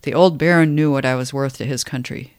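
A man's voice: medium pitch, fairly even intonation, brisk, no echo, studio quality, natural voice. A man reading the lines of a boorish, self-pitying husband in a plain, slightly raised voice. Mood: grumbling.

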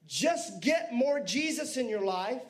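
A male pastor delivers a sermon in a strikingly high voice. He preaches with energy and turns to the congregation with asides. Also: lively intonation, slow pace.

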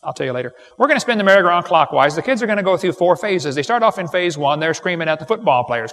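A man's voice: fairly high pitch, animated, fairly bright tone. Folksy, wisecracking man in a big hall. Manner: folksy, wisecracking, quick storytelling with punchlines. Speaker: creation seminar speaker. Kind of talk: joking live seminar lecture. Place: large hall with live audience. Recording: live recording in a reverberant hall.

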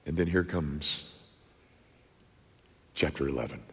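A man preaching a sermon to his congregation, emphatic, with dramatic pauses and rhetorical questions. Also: extremely low pitch, fairly bright tone, slightly rough. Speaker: pastor. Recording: long echoey church reverb.

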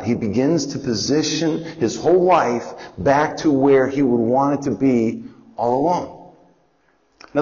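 A man teaching a Bible lesson in a conversational, explanatory way, sometimes asking listeners to repeat after him and acting out quotes. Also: on the high side. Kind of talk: Bible lesson, call and response. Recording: dull audio with long hall reverb.

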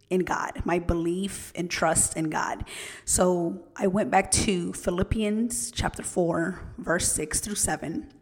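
Earnest woman with a gravelly low voice. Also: darkish tone, big-room sound. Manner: earnest, personal, addresses listeners as "you guys". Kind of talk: casual storytelling to listeners.

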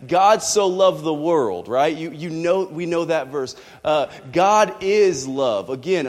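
A male pastor preaching a sermon, animated, with rhetorical questions to the congregation. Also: medium pitch. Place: church hall. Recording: echoey hall.

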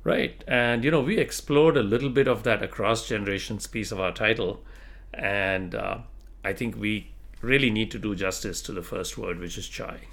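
A man co-hosting a podcast in casual banter, relaxed and conversational. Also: fairly low pitch, moderate pace, creaky. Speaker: podcast co-host.

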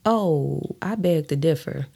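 Smug pushy ex guy in a storybook reading, dry tone, kinda low, woman reading him. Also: slow, gravelly, dark tone, husky, full character voice. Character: smug persistent ex-boyfriend, adult man.

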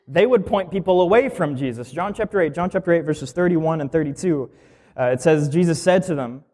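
A man's voice: on the high side, fairly quick, darkish tone. A male minister giving a sermon in a conversational teaching style, explaining scripture plainly and asking the listeners questions.

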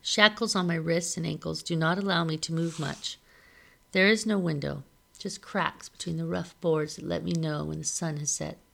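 A woman reads a novel aloud in a steady, measured way. Her voice sits low, with a gravelly fry at the edges of phrases. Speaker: reader of a novel.

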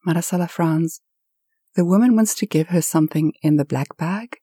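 Husky, dark-voiced woman storyteller. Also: lowish voice, moderate pace, dry recording, clean studio sound. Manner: lively, expressive telling with dramatic swells. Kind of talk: told story narration.

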